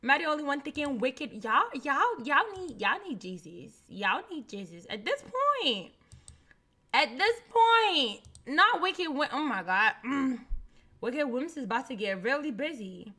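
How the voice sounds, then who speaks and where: A woman's voice: high voice, sing-song, moderate pace, pushed and bright. A woman casually reacting to a game trailer in a chatty vlog, repeating herself and laughing easily.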